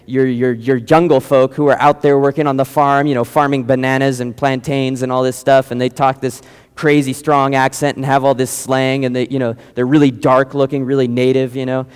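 A man's voice: medium pitch, flat delivery, a little fast, clean tone. A young man preaching a sermon, telling mission stories in a casual, digressive way. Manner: casual, digressive, many fillers. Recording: long reverb, large hall.

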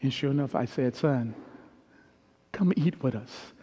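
A middle-aged man preaching a storytelling sermon as a pastor, swinging from hushed tones to loud peaks. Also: mid-range voice, measured pace, husky. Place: large church hall. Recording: long hall reverb with faint piano. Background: soft piano.

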